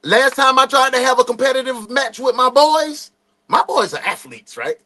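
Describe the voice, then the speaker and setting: Man in his forties, reaction-stream storyteller; high, animated, loud. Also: moderate pace. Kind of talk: casual storytelling.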